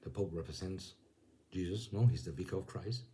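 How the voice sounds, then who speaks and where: A man's voice: deep voice, fairly quick, dark tone, slight background noise. A man giving casual religious commentary to camera. He talks conversationally, reads news lines and scripture aloud, and keeps checking in with the listener.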